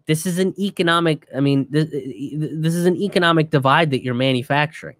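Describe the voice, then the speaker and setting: A man giving a casual, profane commentary rant in an animated way. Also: a little high, brisk, no echo, clean studio sound.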